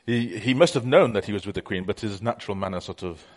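A man's voice: on the low side, quick pace. A middle-aged man preaching a conversational sermon, telling stories with many fillers.

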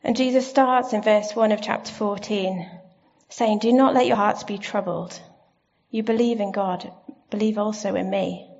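A woman giving a sermon in a church, gentle and reflective, asking her listeners questions. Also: medium pitch, fairly even intonation, normal speed, vocal fry. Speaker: preacher. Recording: slightly dull lo-fi sound.

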